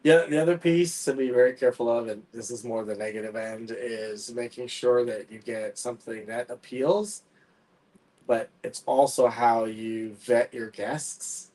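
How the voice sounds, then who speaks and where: A man's voice: medium pitch, unhurried, a little mellow, far from the mic, low-quality recording. A man on a casual real estate panel giving practical advice about property management in a plain way that trails off at the ends of sentences. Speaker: real estate agent and Airbnb owner.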